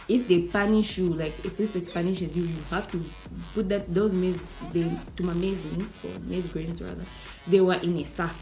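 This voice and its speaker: A young woman with a Zambian accent telling a casual storytime, animated, acting out the people she quotes between chatty fillers. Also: on the low side. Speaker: YouTuber.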